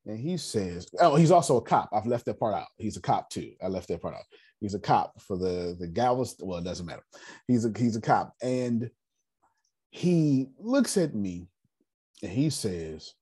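A man's voice: lowish voice, big pitch swings, moderate pace, a little mellow, breathy edge. A man leads a group meeting on personal finance, telling stories emphatically, repeating key phrases and speaking bluntly with humor. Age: 30s. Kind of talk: animated storytelling talk to a group.

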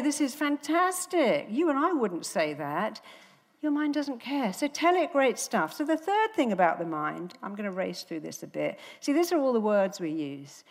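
A woman, a therapist, giving a motivational stage talk, telling stories with animated, acted-out voices. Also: fairly high pitch. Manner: animated storytelling, acting out quoted voices. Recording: reverberant hall.

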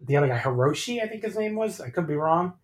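A man hosting a podcast, recapping matches in casual chat, animated and swearing freely as he rambles through the action. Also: fairly high pitch, fast, reverberant, a little hiss or hum, poor audio. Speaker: podcast host.

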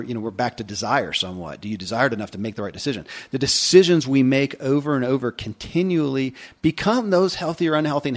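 Male podcast host, earnest motivational monologue, emphatic and casual, middle pitch.

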